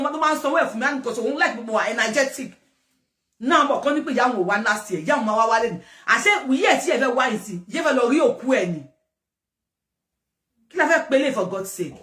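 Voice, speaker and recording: A woman with a Nigerian accent giving lively, rambling commentary, often repeating herself. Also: fairly high pitch, fast talker. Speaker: commentator host. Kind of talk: casual commentary mixing English and Yoruba. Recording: distant echoey room.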